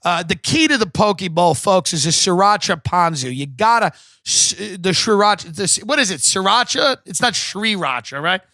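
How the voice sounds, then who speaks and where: A man's voice: high voice, lively intonation, normal speed, sharp tone, dry recording. A man hosting a podcast, ranting in a profane, sarcastic, rambling comedic monologue from his home set. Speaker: podcast host.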